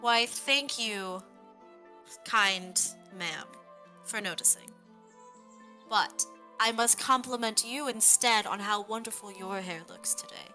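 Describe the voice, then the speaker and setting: A courteous young male adventurer, as a woman player puts him on, full of polite flattery and careful dodges. The voice is bright and clear over faint background music. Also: fairly high pitch, slow pace, long pauses. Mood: flattering. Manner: courteous, evasive.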